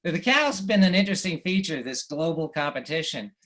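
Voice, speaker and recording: With a somewhat bright voice on the high side, this American man is very animated as he presents slides. He's a cartoonist telling wry anecdotes, often pausing for fillers and small chuckles.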